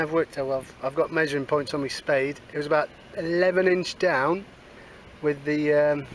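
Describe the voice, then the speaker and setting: A man talks through his finds in a field, casual and cheeky, full of little asides. His voice sits a touch high. Outdoor noise runs clearly behind him. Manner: chatty, cheeky asides, says moving on a lot. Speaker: metal detecting vlogger. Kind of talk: casual running commentary while detecting.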